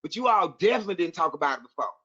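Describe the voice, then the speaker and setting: A man with a high voice chats animatedly as a co-host, speeding up as he mimics others. The sound is dull and lo-fi. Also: slightly rough. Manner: animated, fast, mimics people. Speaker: podcast co-host. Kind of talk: casual chat.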